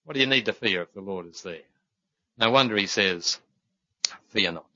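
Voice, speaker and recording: A man's voice: lowish voice, a little fast, pushed and bright, highs cut off. A man preaching a sermon in an earnest, folksy way, telling stories and calling his listeners "my friends.".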